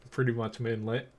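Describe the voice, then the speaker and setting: A man with a Philadelphia accent, chatting casually while streaming a tank game, rambling with lots of fillers and quick laughs. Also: mid-range voice, mellow. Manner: rambling, filler-heavy, laughs between thoughts. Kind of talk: casual live-stream commentary.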